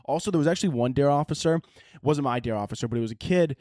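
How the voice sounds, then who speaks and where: A young man hosting a podcast, telling comedic stories in an animated, profane, mocking way. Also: medium pitch, fast talker, no room sound, clean studio sound. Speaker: podcast host. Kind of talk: comedic storytelling monologue.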